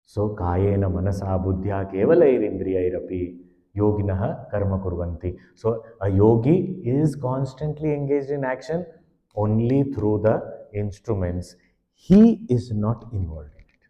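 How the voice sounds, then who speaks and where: A man giving a spiritual discourse as a swami, explaining scripture with Sanskrit and Hindi terms and animated emphasis. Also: on the low side, a little slow. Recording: dull, echoey hall sound.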